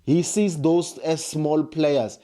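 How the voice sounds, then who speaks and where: Slow and fairly even in intonation, this man's voice is fairly high-pitched and dark in tone. The South African speaker addresses the camera with an emphatic political opinion monologue, heaping up rhetorical questions and repeated phrases.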